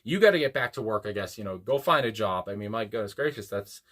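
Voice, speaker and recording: A man's voice: lowish voice, lively intonation, fast, fairly bright tone. Rambling young man reacting to music. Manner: rambling, frequent fillers and restarts, chuckles often. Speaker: music reaction channel host. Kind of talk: casual reaction commentary.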